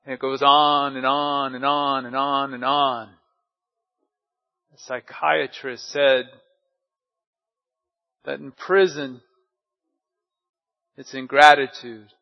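A man, a pastor, preaching a sermon at a church service, talking in a relaxed, conversational way and often asking his listeners rhetorical questions. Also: medium pitch, slow, gravelly, long pauses, dull audio, soft background music.

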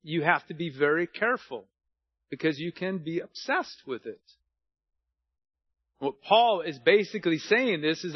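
A man's voice: high voice, animated, normal speed, slightly rough, no room sound, lo-fi sound. A middle-aged male pastor preaching a sermon in a conversational way, with personal stories and self-deprecating humor.

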